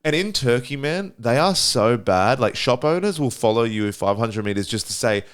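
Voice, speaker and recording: A young Australian man tells stories on a casual podcast, rambling and peppering everything with "like" and the odd curse. His voice sits at an ordinary middle pitch for a man. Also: lively intonation, normal speed, clear, resonant tone. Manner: rambling storyteller, swears freely, says "like" often. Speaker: podcast host.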